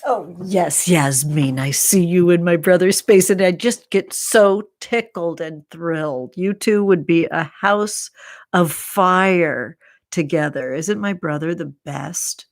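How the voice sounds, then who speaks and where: A woman hosting a casual live stream, chatting playfully with viewers and slipping into soft whispers and remembered cheers. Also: on the low side, takes it slowly, no room sound, clean studio sound. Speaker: tarot content creator, live stream host.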